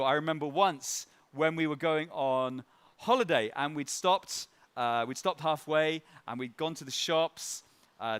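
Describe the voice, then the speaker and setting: A middle-aged man preaches a light-hearted, conversational sermon, telling stories and chuckling, with frequent fillers and restarts. His voice is mid-range, a bit bright, and clean.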